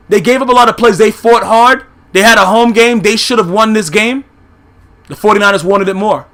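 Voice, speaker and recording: A YouTube sports commentator gives a heated, profane recap of football games, blunt and stuffed with filler phrases. His voice sits high with a sharp tone.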